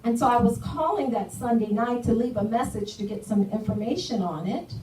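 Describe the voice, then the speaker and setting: A woman's voice: on the high side, a little fast, a little mellow. Woman telling her story in an echoey hall. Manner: earnest storytelling, acts out dialogue. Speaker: guest speaker giving a testimony. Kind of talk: personal testimony talk. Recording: echoey room, from far off, faint noise.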